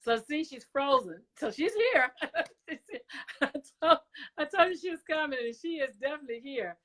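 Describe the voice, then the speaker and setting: Here a woman with a high-pitched, fairly bright voice and lively intonation speaks at a moderate pace. She runs a casual live-stream talk show through a computer mic, chatting, laughing frequently, and getting exasperated with technical glitches.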